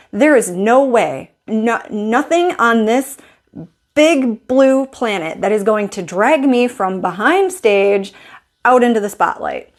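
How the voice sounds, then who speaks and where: A woman style coach telling a personal story in a vlog, acting out her own inner thoughts as she goes. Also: on the high side.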